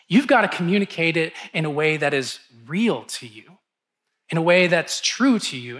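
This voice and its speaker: A male pastor in his thirties preaching in a relaxed, conversational way. His voice sits high and sounds bright. He tells stories and acts out the lines people said. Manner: conversational storytelling, acts out quotes. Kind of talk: sermon.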